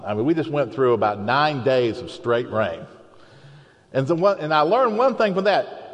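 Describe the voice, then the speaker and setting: A man preaching a sermon in a conversational, storytelling way, acting out the people he quotes. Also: mid-range voice. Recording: long hall reverb.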